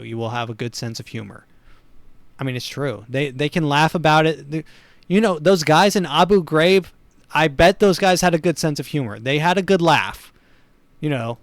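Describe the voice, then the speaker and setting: A man's voice: mid-range voice, no echo. Sardonic rambling male podcast host. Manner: sardonic, rambling, dark humor, chuckles at his own jokes. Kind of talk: comedic monologue.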